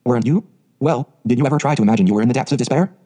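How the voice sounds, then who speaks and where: A man's voice: medium pitch, racing, dark tone, close to an everyday voice. A man voicing an eager, talkative orphan girl of eleven who speaks in dreamy, dramatic phrases. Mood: despairing.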